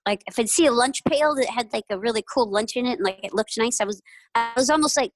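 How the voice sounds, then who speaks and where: A woman's voice: fairly high pitch, fast, dry recording, faint music behind, poor audio. A woman in an interview, telling stories in a chatty, casual way, with lots of "like" and "you know" and frequent laughter. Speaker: interview guest. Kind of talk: casual storytelling.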